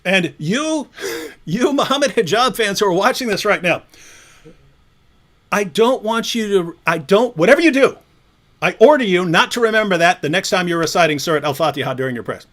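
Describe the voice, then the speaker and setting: A man's voice: sits high, animated, normal speed, fairly bright tone. A man hosting a livestream, ranting in a mocking, taunting way and laughing often. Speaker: livestream host. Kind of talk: provocative livestream rant.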